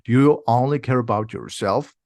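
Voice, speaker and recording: A man's voice: medium pitch, normal speed, gravelly, a little mellow, no room sound, studio quality, close to an everyday voice. A man reading as a bossy clever schoolgirl witch. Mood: scolding. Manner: insistent, scolding.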